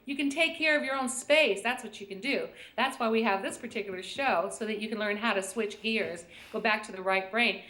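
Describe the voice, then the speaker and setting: A woman's voice: a little high, brisk, few pauses, sharp tone. A middle-aged woman from the United States, chatting as a guest on a call-in show, telling stories with lots of laughs. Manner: chatty, storytelling, laughs often. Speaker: guest, intuition teacher. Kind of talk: casual chat on a call-in show. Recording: echoey room.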